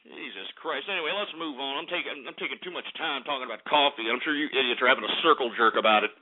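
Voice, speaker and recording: A man's voice: mid-range voice, rapid-fire. A man hosting a radio show, ranting about market prices in a crude, insulting, exasperated way and muttering irritated asides. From Texas. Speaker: radio host. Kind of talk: abrasive comedic market rant. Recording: narrow phone-like radio audio.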